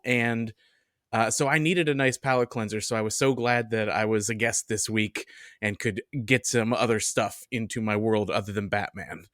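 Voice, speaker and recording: A man talking as a guest on a casual podcast. He is easygoing and often restarts a phrase before finishing it. His voice is middle-pitched and recorded close and dry. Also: a bit bright, no echo.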